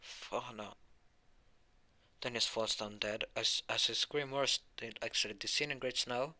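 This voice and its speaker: Man, improvised fan story narration, rambling, casual asides, very bright tense voice. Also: mid-range voice, normal speed. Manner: rambling, full of restarts and asides.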